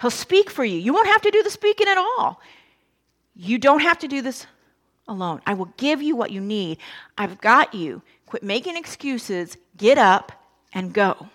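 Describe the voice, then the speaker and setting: A woman's voice: fairly high pitch, sing-song, moderate pace, fairly bright tone. A woman preacher voicing God as a patient but firm male deity, speaking casually and plainly in a sermon retelling. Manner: casual, plain-spoken, reassuring then insistent. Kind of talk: sermon retelling with acted quotes.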